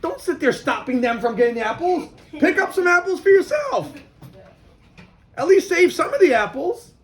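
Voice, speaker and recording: A man's voice: very high voice, lively intonation, a little fast, pitched above the performer's own voice. A man doing a blunt old wise man. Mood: urging. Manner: blunt, urging.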